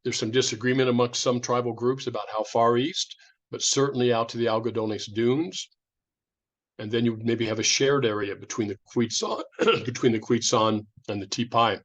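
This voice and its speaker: A man's voice: medium pitch, fairly even intonation, moderate pace, a bit bright. A man from California giving an informal public lecture, talking in a conversational way with restarts and imitated sounds. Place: indoor lecture room.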